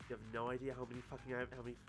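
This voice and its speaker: A man's voice: medium pitch, monotone, racing, over music. A man doing casual let's-play commentary, wry and sarcastic, swearing freely. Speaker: game streamer.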